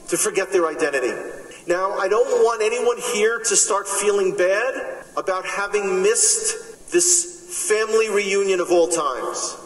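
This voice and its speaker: Bronx-accented man preaching in an echoey hall. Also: sits high. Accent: New York Bronx. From New York. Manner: emphatic, humorous asides, rhetorical questions. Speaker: speaker at a gathering. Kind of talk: impassioned religious speech. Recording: echoey hall, speaker far from mic.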